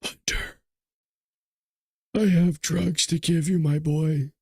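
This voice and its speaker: A man putting on the voice of a mumbling elderly president, breathy and whispery, calling for his son. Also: on the high side, fairly even intonation, slow pace, darkish tone, no room sound, studio quality, full character voice. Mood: creepy mumbling.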